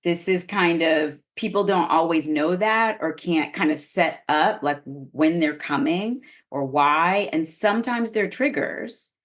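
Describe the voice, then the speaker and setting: Low-voiced woman explaining earnestly. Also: measured pace, few pauses. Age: middle-aged. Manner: earnest, explanatory, personal stories. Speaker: guest menopause expert. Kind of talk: podcast interview.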